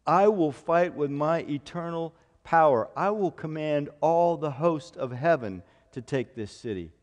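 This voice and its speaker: A male pastor preaching a sermon, quoting scripture at length and rising to loud, emphatic declarations. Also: on the high side, expressive, unhurried. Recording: long hall reverb.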